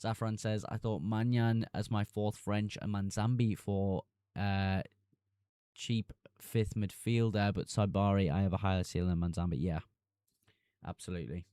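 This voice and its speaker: A man's voice: fairly low pitch, fairly even intonation, normal speed, mellow, clean tone, dry recording, studio quality. A young man streaming live, reading chat messages aloud and answering them casually.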